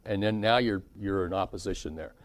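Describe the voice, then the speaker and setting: A man teaching a parenting seminar to a live audience, keeping it lively by asking the listeners questions. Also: low-pitched, brisk. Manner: animated, asks the audience questions.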